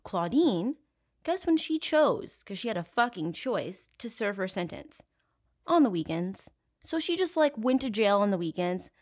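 A woman's voice: big pitch swings, unhurried. Profane, sarcastic woman podcast host. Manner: profane, sarcastic and outraged, laughs often; swings between loud outbursts and low asides. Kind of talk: casual true crime storytelling.

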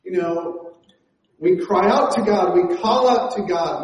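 A man's voice: sits high, takes it slowly, muffled recording. A man preaching a conversational sermon as pastor, with frequent fillers and restarts. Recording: echoey church hall.

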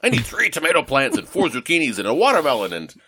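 A man's voice: medium pitch, wildly swooping pitch, fast, bright, forceful tone, slightly rough. A man from the United States co-hosting a casual chat, rambling and self-deprecating with many fillers and restarts. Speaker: podcast co-host.

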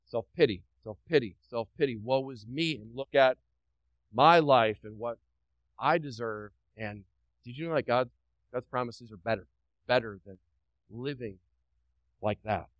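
A man's voice: mid-range voice, unhurried, pauses often, no room sound, rough recording. A pastor delivering a sermon to his congregation. He preaches emphatically, repeats phrases, asks the room questions and drops light joking asides.

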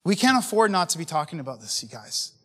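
A fast-talking pastor preaches with fervor, his high, bright, edged voice swinging widely in pitch. He speaks to leaders in a relaxed, chatty way, constantly posing rhetorical questions, while long reverb echoes as if in a large hall.

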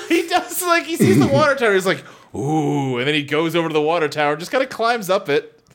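A man's voice: high voice, very animated, fast talker, a bit bright. A man co-hosting a casual comedy podcast, recounting a cartoon's plot with jokes and frequent laughs. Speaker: podcast co-host. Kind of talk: casual comedic recap chat.

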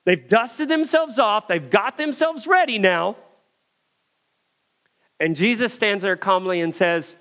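Man, preacher, sermon, high voice, bright tone, animated storytelling, loud to hushed. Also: slow pace, pauses often.

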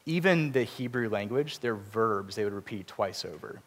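A man's voice: fairly low pitch, animated, normal speed. A man preaching a sermon in a church, earnest and explanatory, with self-deprecating asides. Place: church sanctuary. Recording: long reverb of a church hall.

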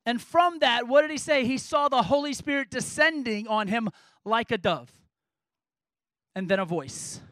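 A man's voice: very high-pitched, normal speed, a bit bright, dry recording, rough recording. A man preaching a sermon as a pastor, earnest and emphatic, driving points home with repeated rhetorical questions.

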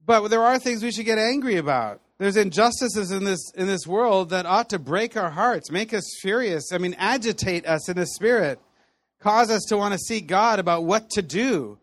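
A man with a fairly high voice preaches in a relaxed, conversational way, telling stories with plenty of animation. The sound is dry and close, with no room echo. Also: moderate pace. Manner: conversational, animated storytelling with laughs. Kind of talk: sermon teaching.

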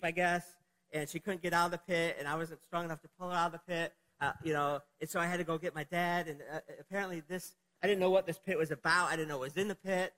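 High-voiced man preaching casually. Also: pushed and bright, long reverb tail, rough recording. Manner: conversational, rambling with many fillers. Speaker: pastor. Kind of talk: sermon with a personal story.

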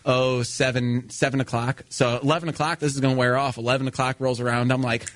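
A man's voice: medium pitch, flat delivery, fast, no echo. A man telling a story in casual chat, acting out quoted voices and laughing as he goes.

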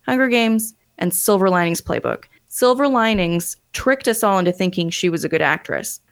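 A woman's voice: fairly low pitch, moderate pace, clean tone. A woman co-hosting a casual movie chat, blunt and opinionated, swearing freely. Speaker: podcast co-host.

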